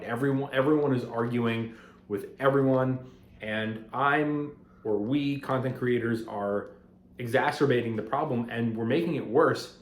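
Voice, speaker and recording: Man vlogging in an echoey apartment. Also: mid-range voice. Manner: rambling and conversational, grows heated and emphatic. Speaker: finance content creator. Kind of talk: casual talking-head vlog. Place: apartment at home. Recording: roomy echo of a home room.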